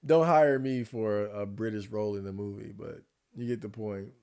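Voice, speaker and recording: A man's voice: on the low side, moderate pace, a little mellow, smooth. A man chatting casually on a livestream, ranting and rambling with frequent restarts.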